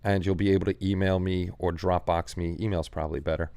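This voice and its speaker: Male livestream host, low smooth voice, rambling casual chat with viewers, dry close sound. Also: little pitch movement, quick pace, dark tone, dry recording. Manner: rambling, repeats words, reads chat aloud.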